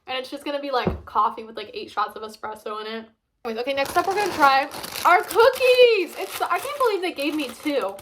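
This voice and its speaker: A woman's voice: high-pitched, very animated, fairly quick, fairly bright tone, a little hiss or hum. A young woman vlogging casually, rambling chattily with lots of fillers while reviewing food.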